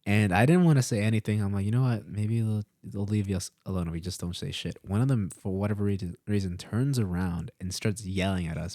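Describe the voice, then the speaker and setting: A man in his early twenties co-hosts a podcast, speaking a little fast in a lowish voice as he casually rambles through a swear-heavy story. He acts out the quoted lines in an animated retelling, and the recording is dry and studio quality.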